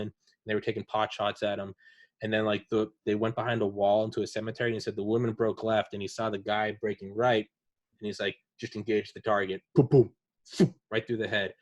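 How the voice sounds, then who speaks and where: A man's voice: fairly low pitch, no room sound. A man hosting a casual podcast chat, retelling veterans' war stories in a rambling way with lots of fillers. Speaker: podcast host.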